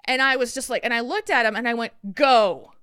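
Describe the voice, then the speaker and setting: A woman podcast co-host telling a story in casual chat, animated and acting out the people in it. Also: on the high side, very fast, clean tone, no room sound, clean studio sound.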